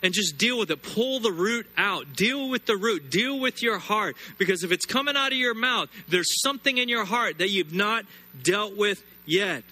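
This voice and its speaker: High-voiced, sharp preacher. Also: male voice, lively intonation. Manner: emphatic, repeats words and builds phrases, slows sharply on scripture. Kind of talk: sermon.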